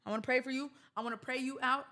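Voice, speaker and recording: A woman's voice: high-pitched, steady tone, racing, sharp tone. A woman hosting a livestream, talking casually to her viewers in a chatty, rambling way with jokey asides. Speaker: livestream host.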